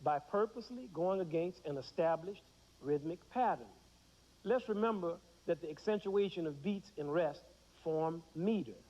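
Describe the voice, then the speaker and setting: A music teacher explains rhythm to young students with playful energy, counting beats aloud and acting out examples. His slightly high voice is expressive and mellow, at a moderate pace. The audio is dull and lo-fi like an old 1990s TV broadcast, with a long reverb tail.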